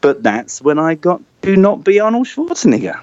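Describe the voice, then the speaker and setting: A man's voice: sits high, big pitch swings, moderate pace, a little mellow, dry recording, dull audio. A man telling a self-deprecating anecdote in a casual chat, acting out the voices and cheers as he goes. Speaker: guest storyteller.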